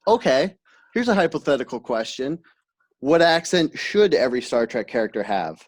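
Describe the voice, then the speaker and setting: A man hosting a casual podcast chat, talking quickly and laughing often. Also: medium pitch, big pitch swings. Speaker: podcast host.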